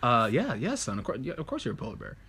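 A patient mother polar bear, as a man puts her on, answers her cub with reassuring repeats. Her voice sits a little above the man's own, with lively ups and downs and a weary patience. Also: mid-range voice, quick pace, slightly rough, full character voice. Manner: reassuring, a bit exasperated.

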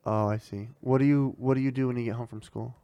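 Deep, gravelly-voiced woman chatting warmly. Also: steady tone, quick pace, no room sound. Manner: chatty, encouraging, laughs often. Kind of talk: casual family interview.

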